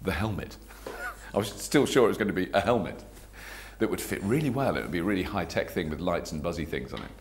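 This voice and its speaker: A man's voice: deep voice, animated, fast talker. A man, an actor in an interview, telling chatty, self-mocking stories. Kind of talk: anecdotal interview.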